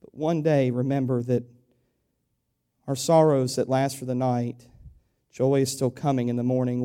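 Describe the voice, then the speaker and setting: A man preaching a sermon to his congregation, speaking conversationally and asking them rhetorical questions, building up in volume and then dropping to a quiet, confiding tone. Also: mid-range voice, little pitch movement, a little slow, long pauses, smooth. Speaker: pastor.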